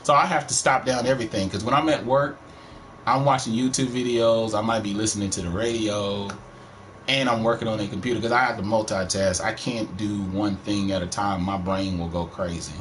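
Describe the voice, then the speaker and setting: A middle-aged Texan man with a country accent streams a game from home, rambling through laid-back, profane let's-play commentary. His voice sits lowish and steady, slightly bright and a little fast, with a faint hiss or hum in the audio.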